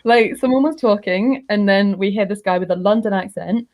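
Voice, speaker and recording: An animated woman guest chatting casually over a video call, laughing often as she tells her story. Her voice sits at a middle pitch. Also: moderate pace. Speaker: podcast guest. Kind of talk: casual chat, anecdote.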